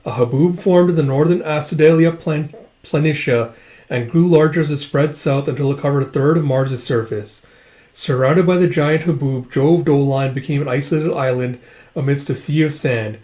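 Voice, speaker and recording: A man's voice: fairly high pitch, moderate pace, dark tone. Casual, blunt man recapping a comic. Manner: casual, blunt, swears freely. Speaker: comic reviewer. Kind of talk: casual read-through commentary.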